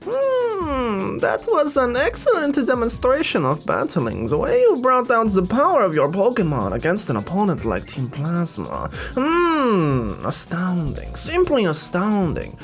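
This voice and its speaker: A gamer doing a breathy, musing scientist. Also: mid-range voice, wildly swooping pitch, measured pace, soft background music, pitched above the performer's own voice. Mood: intrigued. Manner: breathy musing hums, drawn out. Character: curious, calculating male scientist.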